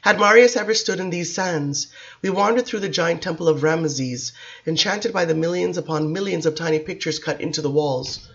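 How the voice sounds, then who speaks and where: Woman, audiobook narration, measured and expressive, dull lo-fi sound. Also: on the low side. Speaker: audiobook reader.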